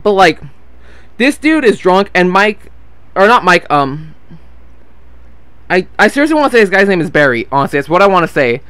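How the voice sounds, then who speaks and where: Telling a long, wandering story as he games, a nineteen-year-old vlogger curses freely and keeps losing his train of thought and the names. His high voice is very animated at normal speed with long pauses, fairly bright and smooth, in a dry recording.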